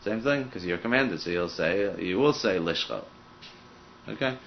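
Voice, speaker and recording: A man's voice: deep voice, expressive, normal speed, a little hiss or hum. A man teaching a casual Talmud study session, thinking aloud and peppering his points with "I mean" asides. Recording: dull lo-fi recording.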